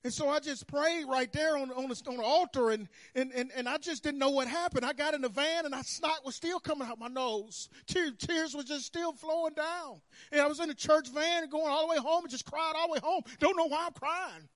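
High-voiced preacher telling his story. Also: brisk, hardly any pauses, no room sound, studio quality. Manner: animated storytelling, swinging from hushed to loud. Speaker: pastor. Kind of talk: sermon testimony. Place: church sanctuary.

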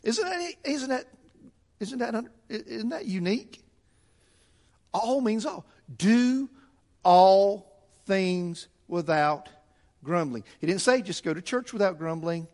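A man's voice: extremely high pitch, expressive, normal speed, pauses often. A man preaching a sermon in a church, building his points through fervent repetition. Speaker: pastor. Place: church sanctuary.

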